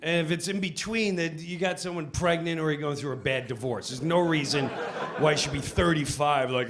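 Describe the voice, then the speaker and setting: A middle-aged man doing animated stand-up storytelling. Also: fairly high pitch, brisk. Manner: animated, breaks into character voices. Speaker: stand-up comedian.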